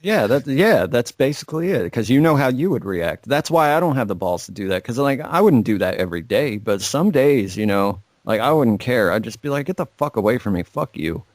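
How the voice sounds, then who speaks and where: A man's voice: medium pitch, sing-song, brisk, few pauses, no room sound. A man co-hosting a casual podcast from a garage, rambling and swearing constantly. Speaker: podcast co-host. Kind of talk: profane casual chat. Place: home garage.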